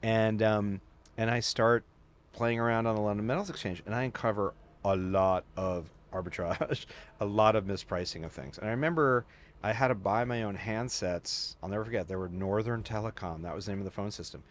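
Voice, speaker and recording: A man's voice: on the low side, a little fast, a little hiss or hum. A man guest on a podcast, telling long stories in casual chat, full of "like" fillers and quoted voices. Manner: animated storyteller with many "like" fillers and quoted voices.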